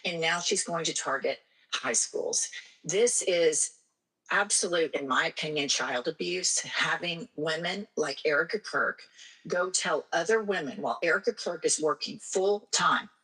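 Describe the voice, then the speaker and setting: Woman commentator, indignant and blunt, bright with a husky edge. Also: low voice, a little slow, poor audio. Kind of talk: opinionated political commentary.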